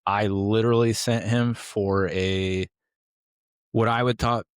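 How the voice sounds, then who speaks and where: A man's voice: lowish voice, fairly even intonation, takes it slowly, clear, resonant tone, no echo. A man talks bluntly through a casual clinical discussion on a podcast. He keeps asking rhetorical questions and answering them himself. The sound is dry and close to the mic. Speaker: podcast host, clinic owner.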